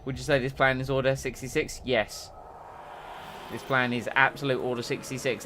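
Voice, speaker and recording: With slight background noise, a man at medium pitch and moderate pace casually commentates on his racing game stream. He rambles and jokes, becoming excitable when the race gets going.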